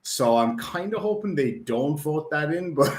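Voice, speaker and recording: A man in casual live-stream chat, rambling and joking with lots of ums and uhs. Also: on the high side. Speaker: guest. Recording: roomy echo.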